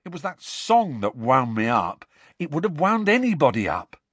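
A man's voice: fairly high pitch, huge pitch swings, moderate pace, fairly bright tone, dry recording, voice pushed up, exaggerated voice. A man voicing a frustrated, short-tempered teenage boy in an audiobook. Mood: angry. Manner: testy, bitter.

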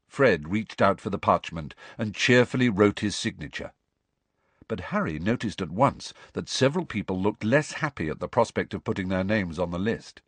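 Male narrator, expressive read, husky tone, dry close mic. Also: fairly low pitch, moderate pace, no echo. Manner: expressive, voices every character. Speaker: audiobook narrator. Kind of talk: audiobook narration.

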